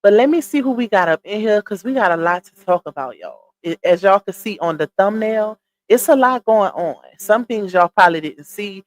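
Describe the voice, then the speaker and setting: A woman's voice: mid-range voice, expressive, normal speed. A woman hosting a casual livestream, chatty and greeting her viewers by name, a little winded from a cold. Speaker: livestream gossip host. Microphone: computer streaming setup.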